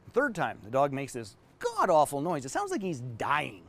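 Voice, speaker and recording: Business coach guy, bouncy pitch all over the place, sketching stuff while he talks. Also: moderate pace. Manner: animated, emphatic, drawing on a board as he explains. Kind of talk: online training talk.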